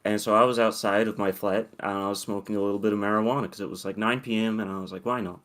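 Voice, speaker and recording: A man's voice: on the low side, steady tone, quick pace, fairly bright tone. A young man co-hosting a podcast, telling a long story in a rambling, profane, casual way. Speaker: podcast co-host.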